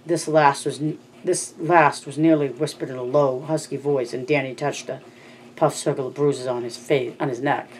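An audiobook narrator reading a novel in a steady, measured scripted style. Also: mid-range voice, slight background noise.

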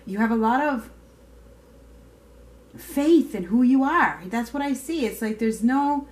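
A woman's voice: on the high side, expressive, measured pace, a little mellow. Chatty woman giving a tarot reading. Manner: chatty, emphatic, swears casually. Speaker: tarot reader. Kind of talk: casual tarot reading to camera.

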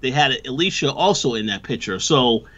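A man with a bright, forward voice co-hosts a podcast review. He argues his points step by step in a critical, analytical way. The audio sounds dull and lo-fi, at a middle pitch. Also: animated, a little fast. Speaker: podcast co-host. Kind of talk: casual review chat.

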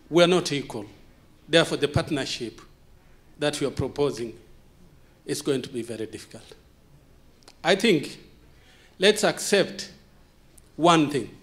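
Man, non-native English speaker, fervent conference speech, slightly higher voice, rhetorical questions, pausing for effect. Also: a bit bright. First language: not English. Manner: passionate, repeated rhetorical questions, dramatic pauses. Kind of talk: impassioned conference talk. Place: conference hall.

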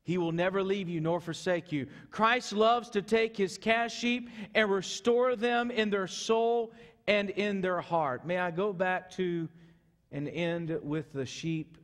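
A male pastor preaching a sermon earnestly, moving from loud urgency to soft, hushed passages. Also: high voice, takes it slowly. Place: church sanctuary. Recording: echoey church hall.

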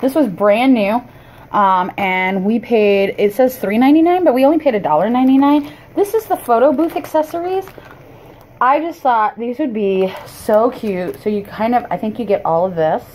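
A woman with a fairly high, animated, slightly mellow voice is heard over slight background noise. Filming a shopping haul vlog in her cluttered home, she chats and rambles, apologizing as she goes, with frequent pauses and restarts.

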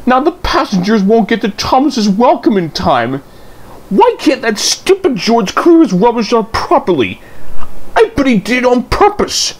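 Guy doing a squeaky fussy railcar lady from a storybook, high and whiny, lots of ups and downs. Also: big pitch swings, a little fast, hardly any pauses, a little mellow, a little hiss or hum. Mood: fretful, high-pitched. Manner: shrill, high and complaining. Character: fussy, excitable female diesel railcar.

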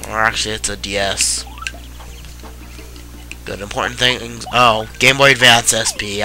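Over game music, a tired let's play commentator narrates gameplay casually in a fairly low voice. He's a sarcastic young man who swears freely, delivered in a weary deadpan.

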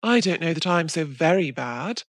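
A woman's voice: low voice, animated, normal speed, dry recording, studio quality. A woman voicing a troubled, secretive young woman in an audiobook, speaking tenderly through tears. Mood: rueful tearful. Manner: rueful, tender.

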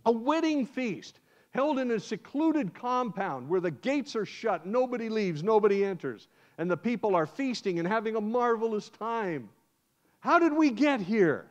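High-voiced American man preaching a sermon. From United States. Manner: animated, acts out scenes in first person. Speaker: guest preacher. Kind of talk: sermon storytelling. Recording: dull lo-fi sound.

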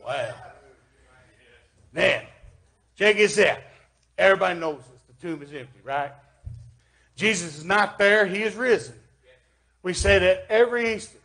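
A man with a Southern US accent preaching a sermon in church, folksy, reading scripture and swinging between loud emphasis and quiet asides. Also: sits high, unhurried, pauses often. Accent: Kentucky Southern US.

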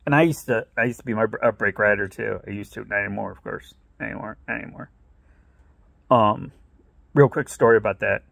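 A middle-aged man from the Midwest spins casual stories for his vlog with a gravelly, creaky edge, laughing a lot and jumping up in pitch to act out what others said. The sound is dry and close, with no room around it. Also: a little fast, fairly bright tone, no echo. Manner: laughs often, acts out quotes in raised voice. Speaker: vlogger telling stories. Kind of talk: casual storytelling.

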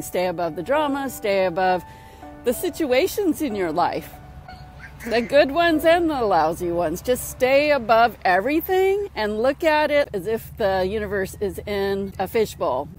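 A woman's voice: mid-range voice, a little mellow. Chatty woman giving upbeat spiritual advice. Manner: chatty, upbeat, repeats phrases for emphasis. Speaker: spiritual mentor. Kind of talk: casual motivational talk to camera. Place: outdoors at sunset by water.

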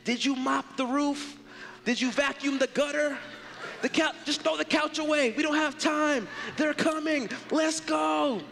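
A panicked parent barks orders in a high, strained voice, as a man acts him out. The shouting rings around a reverberant hall. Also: fairly even intonation, a little slow, gravelly, full character voice. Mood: frantic. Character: frantic parent rushing the house before guests arrive.

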